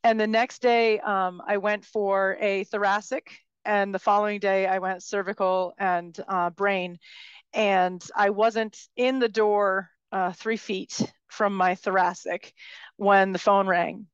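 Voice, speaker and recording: A woman's voice: mid-range voice, steady tone, takes it slowly, clear, resonant tone, no echo, lo-fi sound. Passionate, vocal woman telling her story. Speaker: speaker at a live talk event. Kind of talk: personal storytelling talk.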